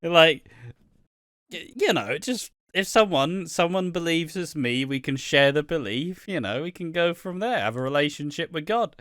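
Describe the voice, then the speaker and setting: Bright, sweary man from Wales. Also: a little high, expressive, normal speed, no echo, clean studio sound. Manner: profane, rambling, laughs often. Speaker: podcast co-host. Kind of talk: casual chat.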